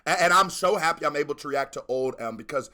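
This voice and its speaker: Man, music reaction host, casual commentary, fairly high bright voice, animated outbursts. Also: fast. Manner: animated, bursts into shouted exclamations.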